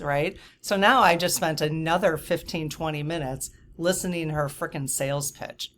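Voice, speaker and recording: A woman in her fifties telling a personal story in a casual vlog, animated and exasperated, acting out quoted dialogue. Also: on the low side, unhurried, a little hiss or hum. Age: 50s. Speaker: channel host.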